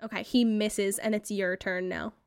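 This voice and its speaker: A woman's voice: medium pitch, normal speed, clear, resonant tone, no echo. Lady game master describing the scene, laid back, dry close sound. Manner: descriptive, relaxed, with fillers. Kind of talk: narrating a tabletop game.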